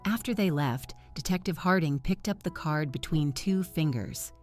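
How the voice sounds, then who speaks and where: Low-voiced woman narrating a dramatic story. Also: normal speed, few pauses, a little mellow, faint music behind. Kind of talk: first-person scripted story narration.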